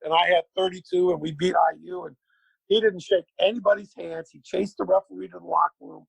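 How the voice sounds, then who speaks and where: Gravelly, high-voiced storytelling man. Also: brisk, dry recording, low-quality recording. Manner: lively anecdote teller, acts out quotes. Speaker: guest, former pro basketball player. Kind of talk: animated storytelling.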